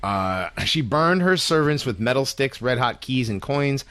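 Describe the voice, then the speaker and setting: A man's voice: mid-range voice, lively intonation, a little slow, a bit bright, no room sound. Offhand man co-hosting a podcast. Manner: reads grim facts in a loose, offhand way with fillers. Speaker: podcast co-host. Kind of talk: casual podcast chat.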